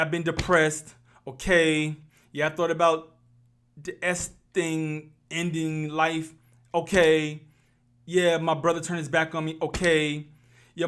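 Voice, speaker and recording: A man's voice: fairly high pitch, fairly bright tone, clean tone. A man, speaking in an impassioned, preachy vlog style and repeating his phrases for emphasis. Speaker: YouTube commentator. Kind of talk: impassioned motivational vlog talk.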